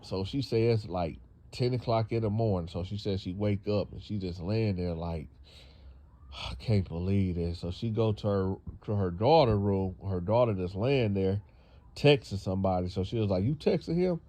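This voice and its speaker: A man's voice: fairly low pitch, normal speed, mellow. A man casually retelling a true story, rambling with fillers and restarts.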